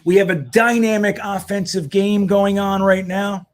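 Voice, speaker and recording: A man's voice: high-pitched, steady tone, unhurried. A man hosting a casual livestream, talking loosely and rambling, swearing now and then. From United States. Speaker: host.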